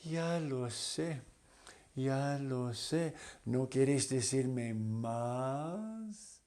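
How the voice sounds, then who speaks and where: A man's voice: medium pitch, animated, drawn-out words, warm tone, pitched above the performer's own voice. A man voicing a vain little female butterfly in a storybook tale, speaking coy and sing-song.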